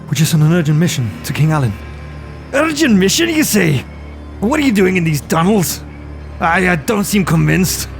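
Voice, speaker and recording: Man putting on a gruff knight commander, loud, commanding, raised pitch. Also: very animated, moderate pace, soft background music, heavily acted. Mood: demanding. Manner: barking, commanding.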